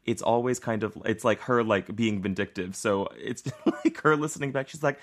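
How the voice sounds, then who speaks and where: A young man with a fairly low voice co-hosts a podcast in easy casual chat. He laughs often and livens his talk with animated asides. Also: moderate pace. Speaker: podcast co-host.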